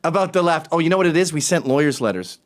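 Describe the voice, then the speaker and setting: A male talk show host in an animated, sarcastic rant. His voice sits a touch high and swings widely in pitch as he riffs. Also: fast talker. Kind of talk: casual talk-show monologue.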